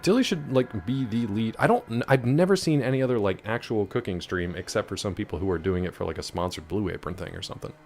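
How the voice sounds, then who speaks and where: Guy streaming a game, low voice but swoops around a lot, wry rambling chat. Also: expressive, quick pace, few pauses, darkish tone. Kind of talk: casual live-stream chat.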